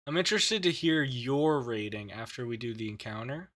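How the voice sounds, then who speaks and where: A man co-hosting a podcast in a loose, casual chat. His voice is bright and forceful, and his speech is halting, with plenty of fillers and restarts. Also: mid-range voice, lively intonation. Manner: halting, filler-heavy, laughs often. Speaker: podcast host.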